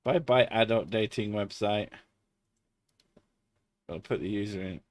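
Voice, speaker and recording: A man's voice: fairly low pitch, unhurried, dry recording. A man chatting casually on a live stream, swearing freely and laughing often.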